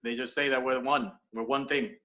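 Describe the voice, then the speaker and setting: A man improvising a comedy scene over a video call, earnestly playing an odd cop with absurd deadpan logic. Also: mid-range voice, moderate pace. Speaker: improv performer. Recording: dull lo-fi video call audio.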